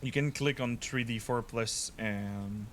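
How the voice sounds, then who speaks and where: A man running a tabletop game as game master, chatty and quick to laugh, often making sound effects. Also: mid-range voice, fairly bright tone, a little hiss or hum.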